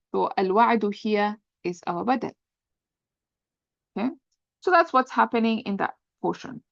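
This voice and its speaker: A woman's voice: on the high side, dry recording, highs cut off. A woman teaching an Arabic grammar lesson, patiently explaining step by step and often checking with "right?". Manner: patient, repeats points, checks understanding with "right?".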